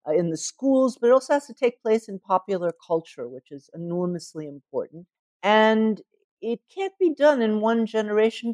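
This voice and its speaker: Measured woman author explaining. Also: medium pitch, a little mellow, dry recording. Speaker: author guest. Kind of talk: interview answers.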